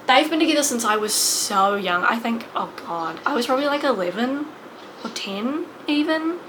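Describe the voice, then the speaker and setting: A young woman in her late twenties speaks to camera in a personal vlog, her voice sitting at a middle pitch. She talks in an emotional, rambling way, stopping and restarting with fillers as she goes. A steady hiss of noise sits under the recording. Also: normal speed. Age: 20s. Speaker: vlogger.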